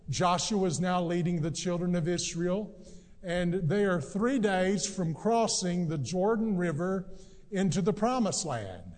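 A man preaching a sermon as pastor, earnest and emphatic, with drawn-out pauses between phrases. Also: high voice, expressive, a little mellow, big-room sound.

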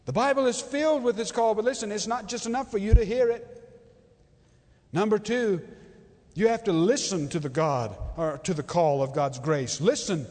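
Male pastor, high-pitched, impassioned sermon delivery, big reverberant hall. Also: normal speed. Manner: impassioned, swings between loud and hushed.

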